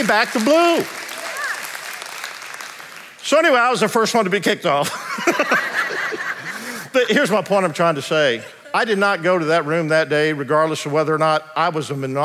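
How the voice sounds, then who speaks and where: A male pastor, preaching a sermon in a conversational, humorous storytelling manner that slows into earnest preaching. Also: fairly high pitch, fairly bright tone. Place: large church sanctuary. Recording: long reverb of a large hall.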